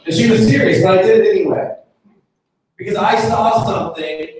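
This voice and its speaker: A man's voice: high-pitched, brisk, a little mellow. A man giving a live motivational talk to an audience, telling joking stories with energy. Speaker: motivational speaker. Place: event room with an audience. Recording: echoey hall from far off, faint noise.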